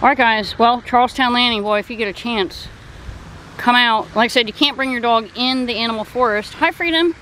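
A middle-aged woman talking casually to her phone camera while walking through a park by a pond, chatty and excitable, with many asides. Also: brisk, poor audio. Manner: chatty, excitable, rambling, with high sing-song baby talk to her parrot. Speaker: vlogger. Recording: faint outdoor noise.

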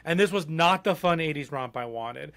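A man co-hosting a podcast, talking in a loose, rambling way with plenty of fillers. His voice sits a little on the high side, and he states his views bluntly. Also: animated, moderate pace, gravelly, fairly bright tone. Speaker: podcast co-host. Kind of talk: casual chat.

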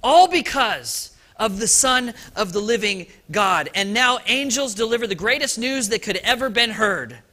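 A man preaching an Easter sermon as pastor of a church service, talking in a lively, conversational way with frequent restarts and asides. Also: high voice, normal speed, few pauses.

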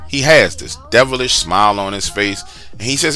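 A man's voice: lowish voice, animated, normal speed, bright, forceful tone, soft background music. A man casually telling a personal story, chatty and slangy, with asides to the listener. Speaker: storyteller sharing a true story.

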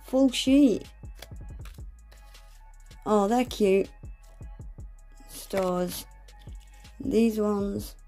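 Lady nail vlogger, slow and gushy, gasps a lot, soft warm tone. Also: mid-range voice. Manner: gushing, exclamatory, lots of gasps and "oh my gosh". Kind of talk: unboxing vlog, casual chat.

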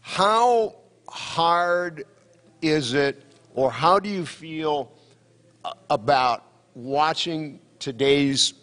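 A man hosting a fan Q&A at a convention, halting and restarting as he asks a question. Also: on the high side, a bit bright, long reverb tail. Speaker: interviewer host. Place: convention hall.

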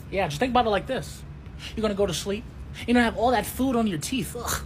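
A man's voice: sits high, fairly quick, a little hiss or hum. A man doing brash, swaggering comedy sketches in slangy talk, laughing often. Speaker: comedy creator.

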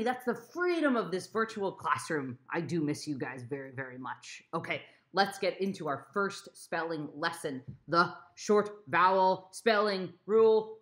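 A woman teacher opening a virtual classroom lesson in a playful, animated way, adding silly sound effects. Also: on the low side, unhurried, few pauses. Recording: echoey room with faint noise.

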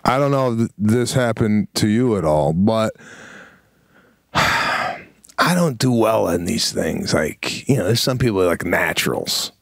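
A middle-aged man co-hosting a podcast, telling a story in casual chat with slow, drawn-out pauses. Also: on the low side, expressive, creaky, dry recording, studio quality. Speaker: podcast co-host.

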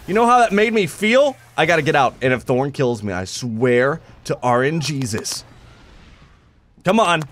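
Lively excitable young man gaming. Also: a little high. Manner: animated, jokey, swings from shouting to muttering. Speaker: gameplay reviewer. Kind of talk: excited live gameplay commentary.

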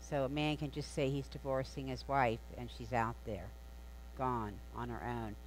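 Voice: medium pitch, little pitch movement, moderate pace, slight background noise, rough recording. A preacher giving a sermon in a church, in a conversational, storytelling delivery with casual asides. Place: church sanctuary.

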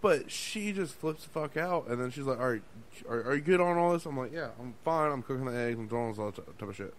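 In an animated mid-range voice at a quick pace, a man co-hosting a podcast recounts something that happened at a restaurant. Casual and profane, he laughs and performs people's lines, with slight background noise in the recording.

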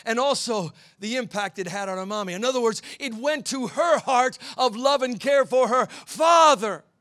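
A middle-aged man preaching a sermon in a church, telling a family story and building to shouts at the high points. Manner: storytelling, swells to shouting at climaxes. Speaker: pastor.

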